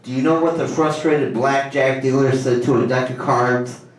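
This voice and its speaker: A man doing stand-up at an open mic in a small cafe, telling corny one-liners in a casual, halting way. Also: mid-range voice, fairly even intonation, slight background noise. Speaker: stand-up comedian. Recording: very echoey room, distant mic.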